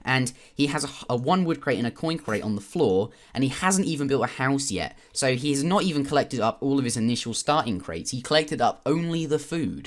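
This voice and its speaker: A man's voice: mid-range voice, animated, fairly quick, hardly any pauses. A British man giving casual, rambling commentary on a strategy game replay, with joking asides and some swearing. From Britain.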